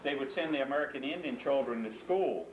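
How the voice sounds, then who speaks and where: A man's voice: mid-range voice, animated, fast talker, slight background noise. A man patiently explaining customs and telling a story to a child, often asking the listener to join in. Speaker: interviewee and storyteller. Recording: echoey room, mic at a distance.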